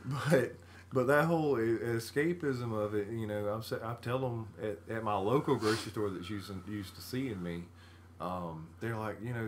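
A man's voice: lowish voice, normal speed, slight background noise. A man, co-hosting a casual podcast chat, telling stories animatedly and laughing mid-sentence. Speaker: podcast co-host.

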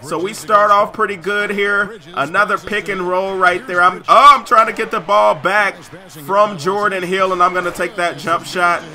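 A man giving excited gameplay commentary over a basketball video game and yelling on big plays. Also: sits high, normal speed. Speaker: gaming YouTuber.

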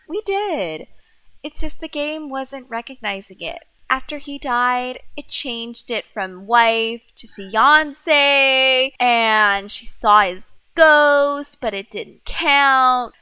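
A young woman giving casual, expressive commentary over her own gameplay, often exasperated and swearing mildly. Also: sits high, slow, smooth, dry recording. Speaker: gaming YouTuber.

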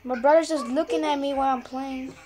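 A woman's voice: high voice, fairly even intonation, a little fast, over music, poor audio. A young woman giving casual running commentary on a video game, chatting to viewers and often apologizing to them. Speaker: gaming channel host.

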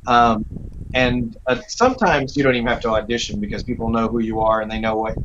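A man's voice: mid-range voice, a little fast, fairly bright tone, slight background noise. Easygoing male voice actor, muffled audio. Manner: reflective, rambling with many fillers. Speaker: voice actor and acting teacher. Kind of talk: casual interview chat. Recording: slightly dull, muffled audio.

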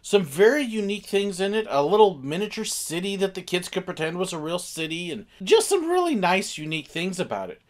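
A man casually telling a funny family story, animated and acting out the quoted bits. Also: high voice, brisk, few pauses.

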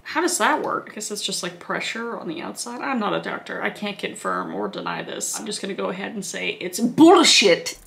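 A woman's voice: mid-range voice, animated, fairly quick, vocal fry, hardly any pauses, fairly bright tone, soft background music. A woman from Canada giving sarcastic comedic reactions, swearing freely and laughing often. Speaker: comedy YouTuber.

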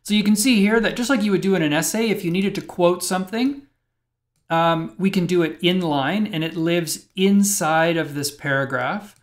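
A man's voice: sits high, normal speed. A man teaching web programming in a screencast lecture, thinking aloud and explaining step by step as he types.

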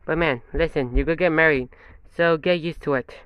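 A man's voice: on the high side, normal speed, clean tone, no room sound, lightly acted. A man voicing a nervous young groom and his friends in hobby voice acting, rambling and repetitive. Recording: dull lo-fi with faint music.

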